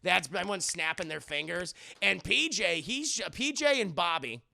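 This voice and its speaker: A man streaming live who recaps a movie in an animated, profane way, laughing often. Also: sits high, normal speed, gravelly.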